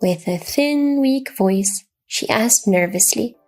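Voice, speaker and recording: A woman narrating a religious children's story in a slow, expressive, reverent manner. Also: a little high, faint music behind.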